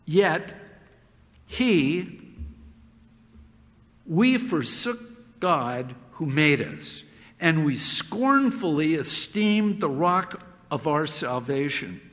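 A man's voice: a little high, sing-song, very slow, pauses often, fairly bright tone. A man preaching a sermon, stressing words and repeating phrases. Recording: long reverb of a hall.

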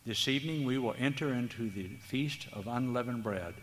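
Earnest preacher in a reverberant hall. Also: male voice, mid-range voice. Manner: earnest, tender, slow, emphatic. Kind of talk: sermon. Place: church hall. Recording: long hall reverb, faint background noise.

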